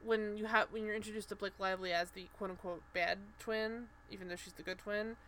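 With slight background noise behind her, a woman speaks in a medium-pitched, fairly bright voice that's brisk and steady in tone. She co-hosts a podcast recapping a TV show, chatting casually and animatedly with many fillers and acting out what the characters say.

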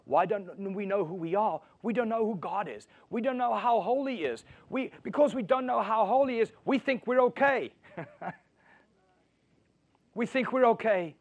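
A male preacher with a high voice delivers a sermon. He swings between booming emphasis and quiet, intimate storytelling. He keeps pressing his listeners with rhetorical questions. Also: lively intonation, normal speed, highs cut off. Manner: asks the audience rhetorical questions. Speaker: pastor.

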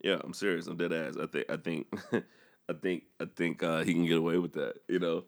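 A man's voice: deep voice, fairly quick. A man co-hosting a podcast, talking in a casual, joking way and laughing often. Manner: animated, laughs a lot, slips into joking impressions. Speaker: podcast co-host. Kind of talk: casual chat.

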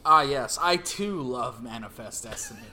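An excitable man gushing during a casual comic read-along, swearing freely as he goes. His voice is bright and sharp. His pitch jumps around with a lot of life. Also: normal speed. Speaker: co-host reading a comic aloud.

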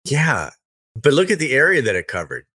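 A man co-hosting a casual Christian show with a bright, forceful tone. He talks in a loose, rambling way, circling back and restarting his thoughts. His pitch sits in the middle for a man. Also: wildly swooping pitch, a little fast, slightly rough. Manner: rambling, with many restarts and fillers. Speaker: co-host of a Christian end-times show. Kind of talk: casual faith chat.

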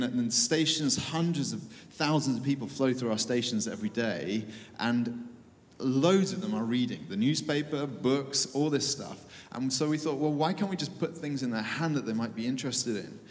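A man's voice: mid-range voice, big-room sound. A man, a church leader, giving an informal talk to an audience, conversational and hesitant with fillers and dry humor.

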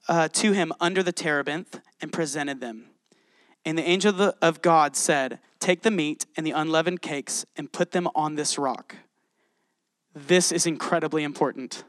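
A man preaching a casual, animated sermon, reading scripture and exclaiming often to his listeners. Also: a little high, no echo, clean studio sound.

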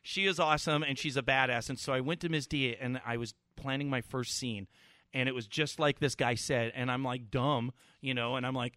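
A man co-hosting a podcast, telling stories in a profane, excitable, joking way. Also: mid-range voice, no room sound, clean studio sound. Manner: excitable, profane storyteller, fast and loud. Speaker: podcast co-host. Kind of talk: casual chat.

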